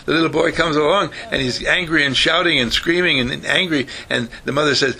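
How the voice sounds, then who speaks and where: A man's voice: on the high side, a little fast, vocal fry, few pauses, slightly rough. An older man giving a folksy motivational talk, telling stories and acting out the voices of the people in them. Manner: animated storyteller who acts out quoted voices.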